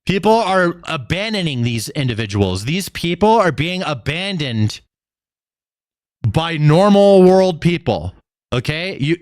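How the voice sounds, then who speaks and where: A man's voice: on the high side, no echo, clean studio sound. A man hosting a live stream, giving a profane, sarcastic, exasperated commentary rant. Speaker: streamer host.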